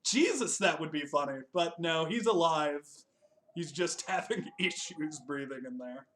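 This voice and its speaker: A man's voice: on the high side, measured pace, fairly bright tone, slight background noise. A young man hosting a casual chat, joking, swearing freely and laughing often as he reviews a TV special. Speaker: podcast host.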